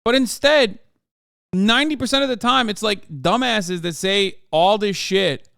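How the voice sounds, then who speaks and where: A man's voice: high voice, a little slow, creaky, fairly bright tone, clean tone, no room sound, studio quality. An American man in his thirties, a streamer ranting through livestream commentary, swearing constantly and exasperated.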